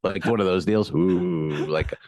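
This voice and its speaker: A man co-hosting a comedy podcast, telling profane, jokey stand-up stories in a casual, animated way. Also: low-pitched, a little slow, a crowd in the background. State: feeling unwell.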